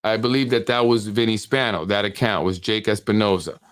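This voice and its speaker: A man's voice: fairly low pitch, steady tone, brisk, smooth. New man hosting a political podcast. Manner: conversational, repeats words and restarts, reads messages aloud. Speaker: podcast host. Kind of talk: casual political commentary reading texts aloud.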